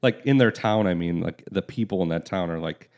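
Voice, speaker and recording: A man in a casual movie chat, relaxed and agreeable, thinking aloud. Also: deep voice, brisk.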